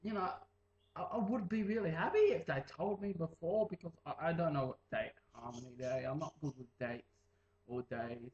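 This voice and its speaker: A man's voice: on the high side, moderate pace, a little mellow, roomy sound, lo-fi sound. A teenage boy rambling in a casual vlog, mumbling and jumping into silly voices. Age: late teens. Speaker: vlogger.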